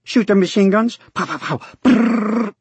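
Eager six-year-old boy, high and chattering, read by a man, slightly husky. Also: moderate pace, no echo. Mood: excited. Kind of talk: audiobook character voice.

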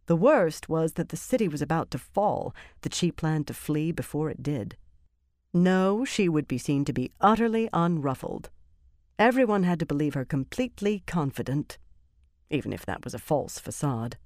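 Woman reading a fantasy audiobook, low voice, steady measured delivery, dry close mic. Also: no room sound. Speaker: audiobook narrator. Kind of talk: scripted fantasy narration.

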